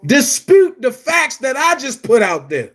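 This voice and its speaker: A man delivering a heated, profane rant to his viewers, shouting at times. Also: very high-pitched, sing-song, a little slow. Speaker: commentary vlogger. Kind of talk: angry rant to camera.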